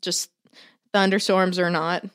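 A woman's voice: on the low side, flat delivery, a little slow, a bit bright, clear, resonant tone. Chatty, profane young woman storyteller. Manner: chatty, profane storyteller who acts out family members. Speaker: podcast co-host. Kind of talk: casual chat.

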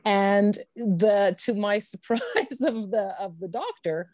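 A woman's voice: mid-range voice, very animated, slow, a little mellow, no room sound. A woman guest telling a personal story candidly and bluntly, swearing freely and laughing easily.

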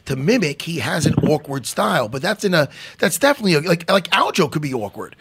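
A man's voice: a little high, sing-song, fast, fairly bright tone, a little hiss or hum. A man hosting a podcast, chatting casually and rambling with self-deprecating jokes and swearing. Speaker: podcast host. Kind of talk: casual interview chat.

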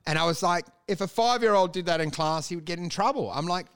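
A man's voice: sits high, fast talker, a bit bright, clean tone. A man co-hosting a podcast, telling rambling jokey stories and acting out little voices in casual chat. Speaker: podcast co-host.

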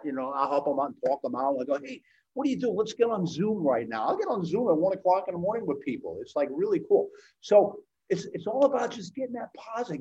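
A man's voice: a little high, mellow, dull audio. A man in his sixties, a podcast guest talking in a casual, enthusiastic and rambling way, often repeating words for emphasis. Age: 60s. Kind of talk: casual interview chat.

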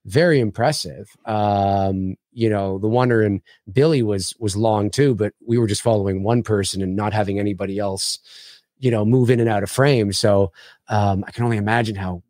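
A man co-hosting a casual livestream chat, theatrical and quick to laugh, heard over a remote call. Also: fairly low pitch, dry recording, studio quality. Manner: animated, theatrical, laughs often. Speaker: livestream co-host.

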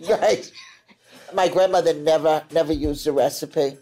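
A woman's voice: low voice, moderate pace. A woman in her eighties, a grandmother co-hosting a casual chat, telling stories and acting out the voices of the people in them. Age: 80s. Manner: animated storyteller who acts out quoted voices and laughs often. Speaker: grandmother and co-host.

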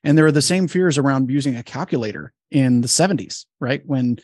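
A man in his thirties, a podcast guest, thinking through a point in a measured way. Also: medium pitch, darkish tone, no echo, studio quality. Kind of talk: casual panel chat.

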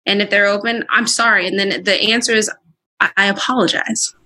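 Young female guest, straight shooter, husky bright tone, live-stream chat. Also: medium pitch, a little fast. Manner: blunt, straight-talking, animated. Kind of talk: candid conversation. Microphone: Instagram live stream.

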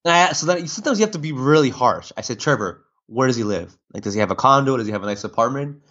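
A man talking as a podcast guest, telling stories in an animated way with many restarts. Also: fairly high pitch, fast. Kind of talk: casual chat. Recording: dull lo-fi audio.

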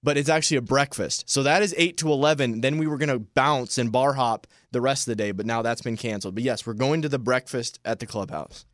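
A young man co-hosting a casual chat show, rambling playfully and building into loud hype. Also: mid-range voice, fairly quick, few pauses, no room sound, clean studio sound. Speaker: co-host.

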